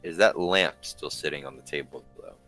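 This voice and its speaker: A man playing a tabletop game, describing his character's sneaky actions in casual table talk while thinking aloud with frequent pauses. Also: rumbling low, sharp tone, faint music behind. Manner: thinking aloud, pausing with ums and restarts.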